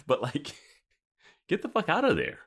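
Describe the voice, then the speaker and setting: A man's voice: fairly high pitch, huge pitch swings, a little slow, a bit bright, slightly rough. A man co-hosting a casual podcast who laughs often and rants in exasperation about the characters' choices. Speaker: podcast co-host. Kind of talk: casual recap chat.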